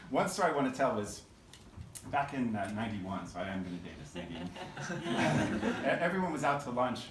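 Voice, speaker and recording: A man from Oregon introducing a guest speaker with a casual story, halting and full of fillers and restarts. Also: medium pitch, very animated. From Oregon, USA. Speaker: event host introducing a speaker. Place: meeting room. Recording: roomy, distant, noisy room mic.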